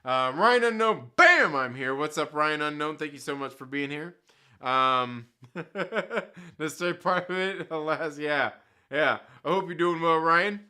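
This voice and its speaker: Guy running a live stream, bright punchy voice, slangy and swearing, joking around with chat. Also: a little high, fairly even intonation, unhurried, clean tone. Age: adult with children. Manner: slangy, profane and joking, laughs often.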